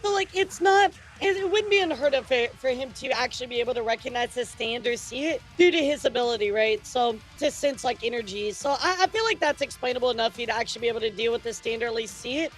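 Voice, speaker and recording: A high-pitched woman reacts out loud on stream in easy casual chat. She gets excitable, laughs often and jumps in with quick asides. Soft music plays underneath. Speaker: VTuber reacting to a video.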